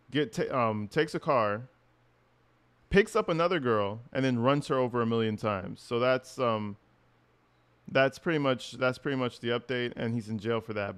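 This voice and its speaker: Brief: male channel host reacting casually and bluntly, smooth voice, close dry mic. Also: mid-range voice, no room sound.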